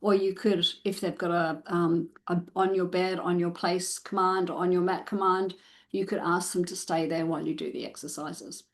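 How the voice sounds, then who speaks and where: A woman's voice: lowish voice, flat delivery, moderate pace. A woman dog trainer answering viewer questions live, giving step-by-step advice with frequent fillers and restarts.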